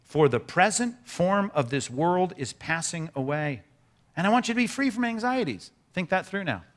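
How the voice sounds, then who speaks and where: Preaching with animation and a conversational tone, this man speaks in a high voice. He keeps breaking off for brief remarks aimed at his congregation.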